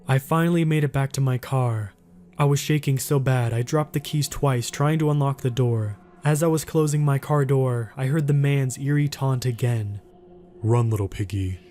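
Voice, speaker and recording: A man reading horror stories as scripted narration, in a measured, even way with slow dramatic pauses. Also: medium pitch, slight background noise.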